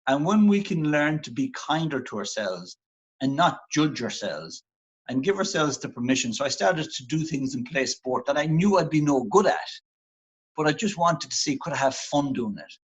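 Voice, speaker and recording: In a muffled recording, an Irish performance psychologist speaks in a somewhat high, animated, slightly breathy voice at a normal pace. He's giving an earnest, reflective interview in a motivational vein, coaching listeners on how they talk to themselves.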